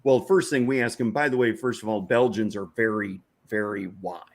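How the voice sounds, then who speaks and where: A man's voice: lowish voice, fairly even intonation, moderate pace. Folksy man telling a ranch story. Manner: folksy, chuckling, lots of "you know". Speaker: veterans' ranch organizer, guest. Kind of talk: casual anecdotal storytelling.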